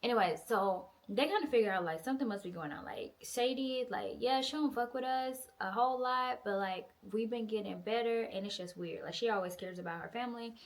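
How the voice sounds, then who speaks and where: Young woman chatting thru a book recap, cussing, acting out the lines, lively. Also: a little high, a little fast, few pauses. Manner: animated, profane, acts out characters' lines. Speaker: book reviewer. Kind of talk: casual book review recap.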